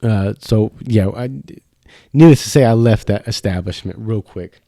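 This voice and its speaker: A man's voice: fairly low pitch, moderate pace, dark tone, no echo. A young man hosting a podcast in a studio, ranting loosely and swearing constantly in casual chat. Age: young adult. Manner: profane, ranting, fired up. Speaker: podcast host.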